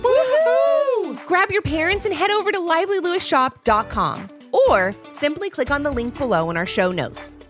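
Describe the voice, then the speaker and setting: A woman's voice: high voice, lively intonation, brisk, few pauses, a bit bright, soft background music. A woman hosting a children's story podcast, opening the show in a bubbly, enthusiastic way. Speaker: podcast host. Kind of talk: upbeat show intro.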